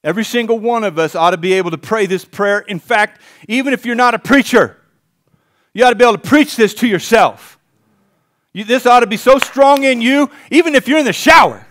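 High-voiced fired-up preacher man. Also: fairly quick. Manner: swings from hushed intensity to fired-up exclaiming; calls on the congregation to repeat lines. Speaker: pastor. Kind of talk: sermon.

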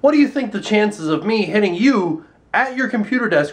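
Male vlogger with a high voice, playful, jokey, explains science with self-mocking asides. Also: expressive, moderate pace. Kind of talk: casual comic explainer vlog.

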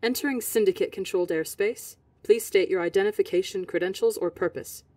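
A sweet female space station controller gives formal clearances with a smile in her voice, as a woman plays her. Her tone is polite and welcoming. The sound is dry and close. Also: mid-range voice, a little fast, dark tone, dry recording, natural voice.

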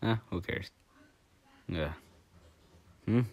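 A man's voice: low-pitched, drawn-out words, dull audio. A man giving playful, improvised commentary over a game, giggling and making silly sound effects. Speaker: gameplay narrator.

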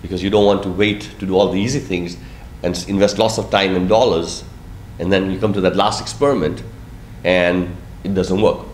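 A man's voice: deep voice, fairly even intonation, brisk. A man, a business school instructor, explaining steps of a process in a recorded lecture and stressing key words. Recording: echoey room, faint noise.

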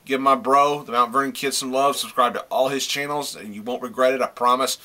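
Bright, swearing, enthusiastic comic-reviewing man. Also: mid-range voice, fairly even intonation, fairly quick. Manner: gushing praise, repeats himself. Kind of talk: casual video review.

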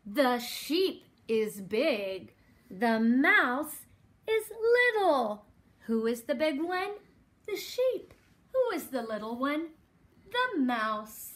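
Slow, singsong woman reading to a toddler. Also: high-pitched, very animated, fairly bright tone. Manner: slow, exaggerated, prompting questions. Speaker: developmental therapist. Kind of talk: reading a picture book aloud to a toddler. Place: home.

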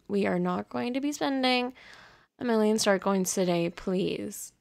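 A woman hosting her gaming channel in casual commentary, gushing and excitable as she talks to the horses in her game. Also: medium pitch, unhurried, gravelly.

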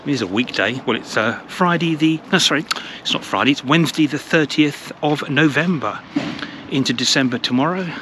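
With a fairly high pitch and a brisk pace, a man from England narrates his casual walking vlog through a village. The travel vlogger is chatty and rambles, repeating his words, while the outdoor recording picks up clear traffic noise.

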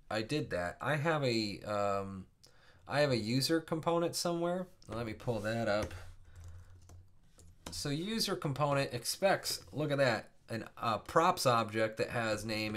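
A man's voice: medium pitch, a bit bright. A man teaching a casual coding screencast, thinking aloud with many fillers and self-corrections. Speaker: programming instructor.

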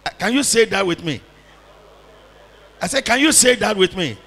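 A man with a very high, intensely gravelly voice preaches a fervent sermon as pastor, his delivery bright and sharp. He leads the congregation in repeated prayer lines, and long reverb trails his words through a big hall. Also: expressive, moderate pace.

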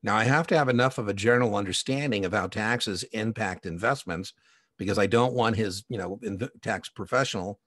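A man's voice: fairly low pitch, a little fast, fairly bright tone, no room sound, clean studio sound. A man teaching an exam prep lecture in a chatty, digressive way, full of personal anecdotes and asides. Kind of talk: conversational recorded lecture.

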